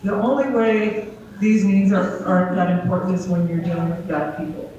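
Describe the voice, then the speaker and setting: A woman's voice: medium pitch, fairly even intonation, normal speed, dark tone, slight background noise. A woman giving a conversational talk to a gathering, often checking in with the audience. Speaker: guest speaker. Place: community gathering hall. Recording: echoey hall, distant and dull.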